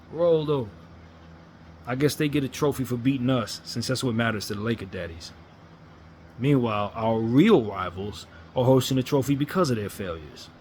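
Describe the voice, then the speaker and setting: A man's voice: medium pitch, darkish tone, a little hiss or hum. A man ranting as a sports fan commentator, blunt and frustrated, hammering his points with repetition.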